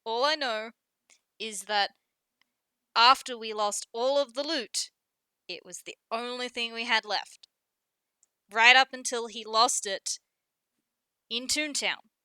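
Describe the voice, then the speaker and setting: A woman voicing a tiny, bossy toon man who loudly scolds and protects his brother, in a tabletop role-play. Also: fairly high pitch, slow pace, long pauses, clean tone, dry recording. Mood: angry scolding. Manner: loud, scolding, bristling.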